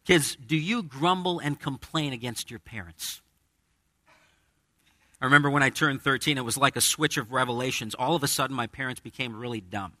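A male pastor preaches to his congregation in a conversational way, acting out quoted voices as he teaches. His tone is very bright and ringing. The sound is dry and close. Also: mid-range voice, normal speed, dry recording. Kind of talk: sermon. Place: church with a congregation.

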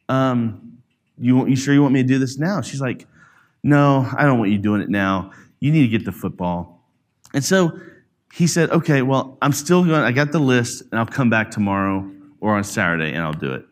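A man's voice: mid-range voice, normal speed. A middle-aged man telling a family story to a church audience, acting out the voices he quotes. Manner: animated, acts out quoted voices. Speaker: parent speaking to a church audience. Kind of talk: storytelling talk.

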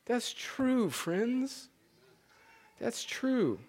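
A man's voice: very high-pitched, very animated, extremely slow, darkish tone. A man preaching a sermon as pastor, talking in a conversational, emphatic way that often restarts its sentences.

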